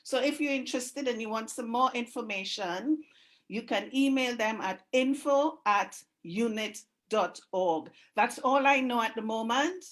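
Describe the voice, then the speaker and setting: A woman's voice: a little high, unhurried. A woman hosts an online community event over a video call. She makes casual, chatty announcements and introduces performers.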